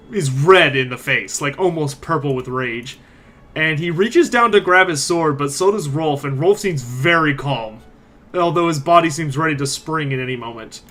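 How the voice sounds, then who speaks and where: A man running a tabletop game as game master, narrating the scene in an animated way. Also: fairly high pitch. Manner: animated, voices every figure.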